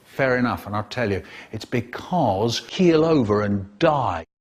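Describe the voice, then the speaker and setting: A man performing comic stories for an audience, playful and animated, with sound effects along the way. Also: medium pitch, measured pace. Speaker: storyteller.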